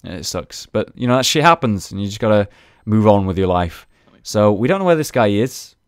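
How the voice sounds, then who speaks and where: Young man, gameplay commentary, low voice, dry close sound, chatty, casual swearing. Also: animated, normal speed, no room sound. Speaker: gaming video host.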